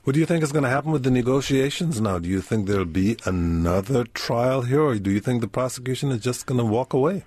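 A male radio host with a slightly husky voice, recorded close and dry. He sets up topics and asks his guests questions in a measured, even way. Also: medium pitch, no echo. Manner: measured, leads the discussion with questions. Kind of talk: radio panel discussion.

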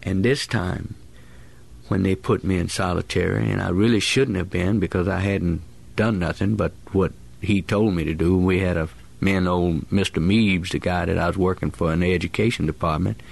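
Gravelly-voiced man telling a personal testimony. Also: low voice, fairly even intonation, moderate pace. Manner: plain-spoken, colloquial grammar, earnest and emotional. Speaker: former prisoner telling his story.

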